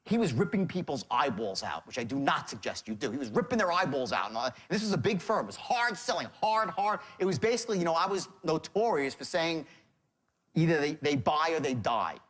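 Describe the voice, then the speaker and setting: Animated male sales trainer. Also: fairly high pitch, fairly quick, few pauses. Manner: emphatic, asks the audience questions and answers them. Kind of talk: seminar lecture.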